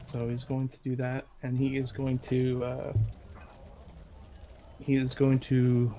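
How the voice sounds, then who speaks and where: A man's voice: mid-range voice, monotone, slow pace, warm tone, slight background noise. A man playing a tabletop role-playing game, talking in a hesitant way full of ums and restarts as he describes what his character does. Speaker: player.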